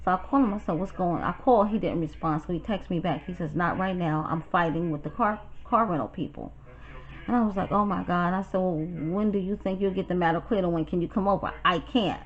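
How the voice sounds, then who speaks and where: A woman from New York telling a personal story to her viewers in a blunt, profane, animated way. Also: fairly low pitch, brisk, highs cut off. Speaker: YouTuber. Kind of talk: storytime vlog.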